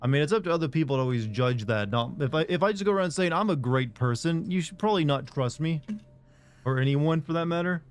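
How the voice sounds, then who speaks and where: A man's voice: a little high, fast, smooth. A young man streaming a video game, chatting casually and rambling with lots of fillers. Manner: rambling, relaxed, frequent fillers. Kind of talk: casual live-stream chat.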